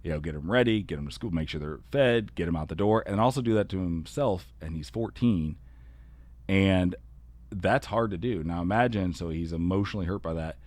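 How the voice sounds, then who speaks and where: A man with a very low voice talks through a solo podcast episode as an educator. He keeps it earnest and conversational and leans on "you know" and "kinda" as he explains. The sound is close and dry, with no room around it. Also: a little fast, a little mellow, dry recording.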